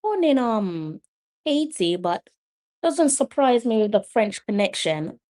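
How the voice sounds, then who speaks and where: A woman hosting a live watch-along, giving casual play-by-play commentary in a chatty way and breaking into loud exclamations at the action. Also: on the high side, sing-song, slow pace.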